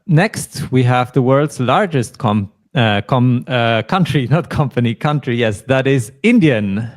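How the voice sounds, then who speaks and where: A man runs a beginner language lesson at a patient, even pace. He explains each sound slowly and prompts his learner to say every word back. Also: medium pitch. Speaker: German teacher.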